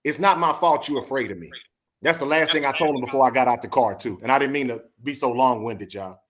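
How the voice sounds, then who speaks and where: A man's voice: medium pitch, fast talker, a bit bright. Earnest man in his forties telling a story. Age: 40s. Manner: earnest, addresses listeners directly. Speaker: podcast co-host. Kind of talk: casual storytelling.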